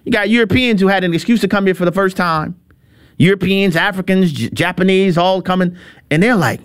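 A man's voice: high voice, a little fast, clean tone. A middle-aged man hosting a show, giving an emphatic, opinionated commentary monologue with repetitions and chuckles. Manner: emphatic, repeats himself, chuckles. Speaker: show host.

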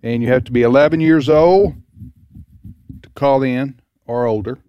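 A man's voice: medium pitch, normal speed, smooth, dry recording, dull audio. A man hosting a casual call-in radio show, upbeat and repeating the show details. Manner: upbeat, repeats phone number and show name. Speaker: radio host.

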